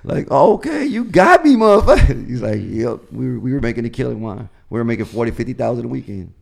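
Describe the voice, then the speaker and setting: A man's voice: mid-range voice, steady tone, fast, vocal fry, dark tone. A middle-aged man, a stand-up comedian, telling stories in casual chat, acting out the voices of the people he quotes and swearing freely.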